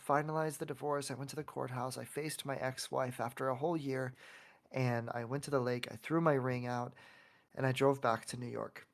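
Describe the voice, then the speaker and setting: A man's voice: mid-range voice, fairly bright tone. Man rambling through a heartfelt story. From Oklahoma. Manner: rambling, heartfelt, many restarts. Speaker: podcast guest, self-love coach. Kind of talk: emotional personal storytelling.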